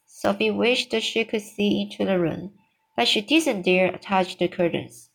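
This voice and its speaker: A woman reading a children's book aloud, unhurried, with small restarts. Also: medium pitch, vocal fry, poor audio. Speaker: reader.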